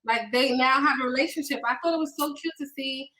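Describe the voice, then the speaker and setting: High bright-voiced woman podcast host. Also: fast, rough recording. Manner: chatty, many ums and restarts. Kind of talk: casual chat.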